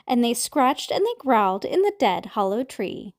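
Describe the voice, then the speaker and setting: Storybook reader: a woman with a high, lively sing-song read-aloud voice. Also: moderate pace, hardly any pauses. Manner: sing-song rhyming delivery with jumps into high squeaky creature calls. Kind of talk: children's picture book read-aloud.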